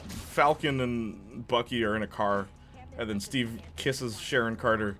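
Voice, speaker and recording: A young man streaming gameplay, chatting in a rambling, excitable way with lots of fillers and tangents. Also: mid-range voice, unhurried. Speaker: gaming streamer. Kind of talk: livestream gameplay commentary.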